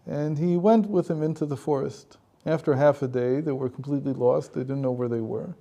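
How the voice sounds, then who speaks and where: A man's voice: medium pitch, brisk, dark tone. A man, a rabbi and teacher, telling a story in a conversational lecture with frequent chuckles.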